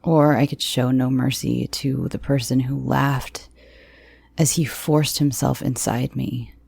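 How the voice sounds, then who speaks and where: A woman narrating a first-person horror story in a hushed voice that often drops to a half-whisper. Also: extremely low pitch, fairly even intonation, slow pace, creaky, husky.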